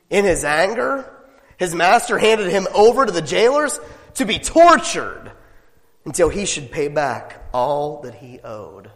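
A man preaching a sermon as pastor, emphatic and animated, asking his listeners rhetorical questions. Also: on the high side, a little slow, big-room sound.

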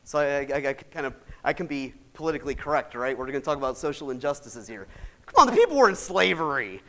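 A man preaching a sermon in a folksy, chatty way, laughing often and swinging from shouts to soft asides. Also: on the high side. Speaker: pastor.

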